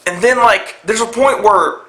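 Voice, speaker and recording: A young man casually reviewing a film, excitable and profane, retelling scenes with mock voices. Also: sits high, unhurried, reverberant. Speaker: movie reviewer.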